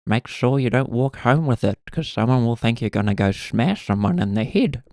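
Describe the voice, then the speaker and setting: A man's voice: mid-range voice, lively intonation, moderate pace, a little mellow, no room sound, clean studio sound, lightly acted. A man putting on the voice of a fussy, kindly old grandmother, with a quavery old lady's voice. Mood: fussing. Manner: fussy, cooing.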